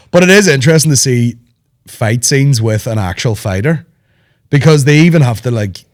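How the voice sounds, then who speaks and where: A man hosting a podcast, rambling in animated, sweary banter. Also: medium pitch, moderate pace. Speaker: podcast host. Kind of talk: casual chat.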